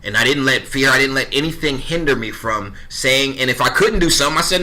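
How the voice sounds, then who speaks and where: A man's voice: medium pitch, fairly quick, few pauses, sharp tone. A man in his thirties telling a story in casual podcast chat, bluntly, swearing freely and acting out both sides of conversations. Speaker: podcast guest.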